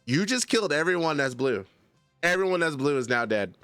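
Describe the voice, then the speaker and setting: A man's voice: fairly high pitch, sing-song, fairly quick, fairly bright tone, smooth, no room sound, soft background music. A man streaming live, chatting casually and arguing a point with his chat, addressing viewers by name.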